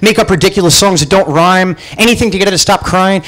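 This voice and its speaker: A man telling a comic personal story live at a pub show, animated and self-mocking, acting out the voices he quotes. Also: sits high, fast, few pauses, rough recording. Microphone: far camera.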